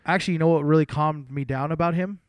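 Joking man, a bit high, dry room. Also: steady tone, fast, no room sound. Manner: loose and joking, rambling with restarts. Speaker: podcast co-host. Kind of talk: casual podcast chat.

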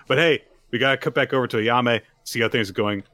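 A man's voice: mid-range voice, quick pace, pushed and bright, no room sound. A man co-hosting a podcast, casually recapping manga chapters and acting out the characters' lines. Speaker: podcast co-host.

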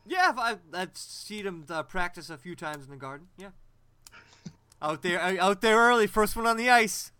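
A man's voice: sits high, expressive, moderate pace, pushed and bright, slight background noise. A man hosting a podcast in casual chat, laughing often and swearing loosely. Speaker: podcast host.

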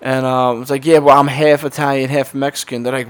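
A man's voice: medium pitch, little pitch movement, fairly quick, clear, resonant tone. A man with a New York accent hosting a casual podcast chat, joking and swearing. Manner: joking, profane. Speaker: podcast host.

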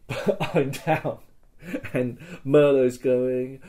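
A man, a podcast host telling a live-action role-play story in casual chat, swearing, laughing and acting out shouts. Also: mid-range voice, slow pace. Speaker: podcast host recounting a LARP event.

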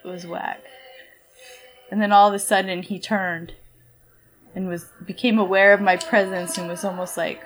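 A woman chatting casually, rambling and animated, full of "like" and restarts. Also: medium pitch, normal speed, long pauses, faint music behind, rough recording. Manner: rambling, animated storyteller with many fillers. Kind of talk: casual chat.

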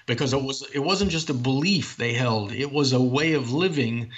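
Guy being interviewed about his book, bright clear voice, earnest and talks in long runs. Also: mid-range voice, moderate pace. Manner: earnest, expansive, speaks in long flowing points. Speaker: author and guest. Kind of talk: interview, theological discussion.

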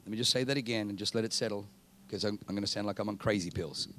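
A male preacher giving a sermon in an animated, comic storytelling manner. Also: on the low side, fast talker. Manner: animated, comic storytelling, jumping between voices.

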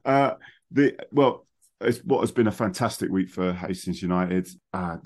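Guy hosting a footie podcast, lowish voice, chatty and rambling, middle-aged. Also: normal speed. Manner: chatty, rambling, laughs easily. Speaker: podcast host. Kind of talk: casual chat among friends.

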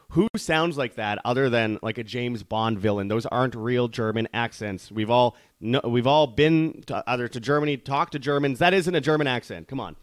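A man's voice: medium pitch, no room sound. A man hosting an online commentary show, talking urgently and rallying his listeners, often calling them his friends. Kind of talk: opinionated commentary.

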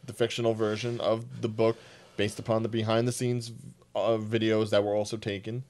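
A man's voice: on the low side, flat delivery, normal speed, darkish tone. Laid-back New man. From New Jersey. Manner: laid-back, blunt, casual swearing. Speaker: podcast co-host. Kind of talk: casual chat.

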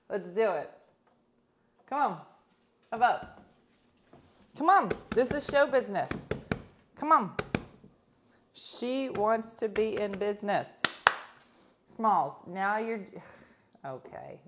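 A woman's voice: medium pitch, animated, slow, long pauses, slight background noise. A woman in her fifties chatting casually and coaxing her dog, treating it as her playful co-host. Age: 50s. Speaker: host of a home pet show.

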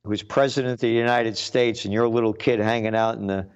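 A man hosts his own show in a blunt, combative commentary monologue, hammering his points with emphatic force. His voice sits fairly low, and the muffled lo-fi recording dulls it. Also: fairly even intonation, quick pace, clear, resonant tone. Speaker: show host.

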